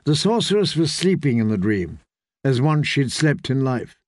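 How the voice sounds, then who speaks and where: A man reading a fantasy novel aloud in measured storytelling narration. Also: medium pitch, big pitch swings, a little mellow, no room sound, clean studio sound. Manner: measured storytelling, voicing characters. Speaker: audiobook narrator.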